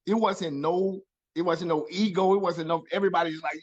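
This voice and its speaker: A man, a guest chatting casually on a video call, relaxed and full of "you know what I'm saying.". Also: sits high, fast talker, no echo, dull audio. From New York. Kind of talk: casual chat.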